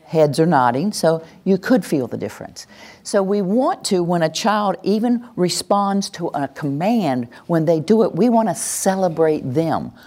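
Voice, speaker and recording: A woman presenter with a fairly low pitch speaks at a measured pace during an interactive teaching talk to a room full of people. Animated throughout, she plays out cheering voices as she explains.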